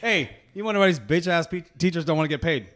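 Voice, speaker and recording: Man, fast talker, high lively voice, brash, teasing, podcast co-host. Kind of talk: casual chat.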